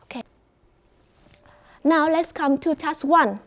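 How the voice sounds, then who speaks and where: A woman with a Vietnamese accent teaching an English class, speaking slowly and clearly, praising and prompting students. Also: high-pitched, a bit bright.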